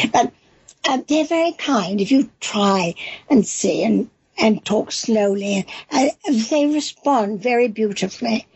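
A woman's voice: on the high side, creaky, slightly rough, dry recording. A woman with an English accent, a cookbook author talking as an interview guest in an enthusiastic, emphatic, rambling way. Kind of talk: interview on a call-in show. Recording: dull, lo-fi sound.

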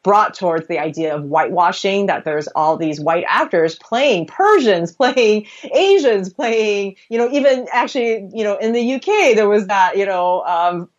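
Animated American woman, slightly muffled. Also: mid-range voice, moderate pace, hardly any pauses. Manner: animated, laughs often, restarts phrases. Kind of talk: conversational interview.

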